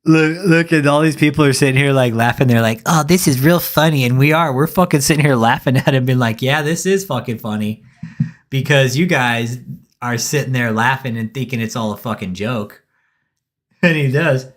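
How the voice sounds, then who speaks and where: A man's voice: mid-range voice, a little fast. Profane, mocking male commentator. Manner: profane, mocking, laughing often. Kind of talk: live reaction commentary.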